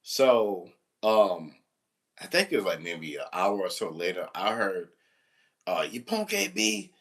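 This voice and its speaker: A low-voiced man, lively in intonation and measured in pace, tells a rambling story to camera. He works as a substitute teacher, and the tale comes out exasperated and humorous, with a bit of mild cursing.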